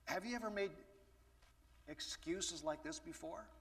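Male preacher slightly high, bright voice, conversational, asks the room questions, distant and reverberant. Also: a little slow, gravelly. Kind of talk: sermon. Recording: echoey hall from far off.

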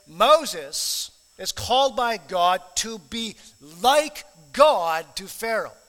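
A man's voice: high-pitched, bright, forceful tone, long reverb tail. A man preaching a sermon in an earnest, emphatic way, stressing and repeating key phrases. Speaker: pastor.

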